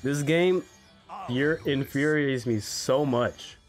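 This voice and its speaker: A young man giving casual, excitable commentary on a mobile game, swearing freely and laughing often. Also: medium pitch, takes it slowly, soft background music. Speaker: gaming YouTuber.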